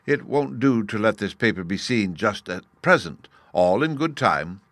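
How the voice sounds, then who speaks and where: A man's voice: fairly low pitch, expressive, moderate pace, a bit bright, no echo. A man voicing a blustering, scheming official who speaks sharply and slyly. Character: scheming, uneasy middle-aged male official.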